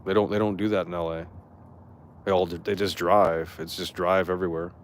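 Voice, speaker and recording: A young man talks to his stream chat in a rambling, indignant rant. His voice sits a bit low, and the words come loose and profane, full of restarts. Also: little pitch movement, moderate pace, slight background noise.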